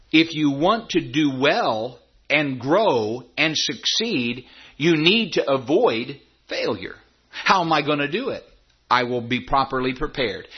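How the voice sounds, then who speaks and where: A man's voice: on the high side, husky, muffled recording. A middle-aged man preaching a sermon, emphatic, repeating phrases and stretching key words for effect. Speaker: pastor.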